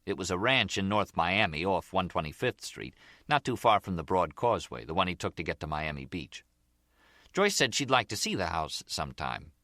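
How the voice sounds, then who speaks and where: A man's voice: sits low, big pitch swings, normal speed, bright, forceful tone, no room sound, clean studio sound. A man reading a crime novel aloud as audiobook narrator. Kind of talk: scripted narration.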